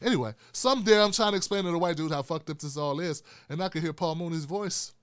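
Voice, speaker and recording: A male host giving an animated, profane political commentary rant. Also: a little high, fast, dry recording, studio quality.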